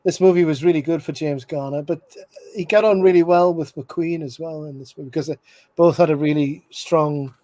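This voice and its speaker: High-voiced man rambling through movie commentary. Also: steady tone, brisk, mellow, no echo. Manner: rambling, laughs often, restarts. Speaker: film commentary host. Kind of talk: casual movie commentary chat.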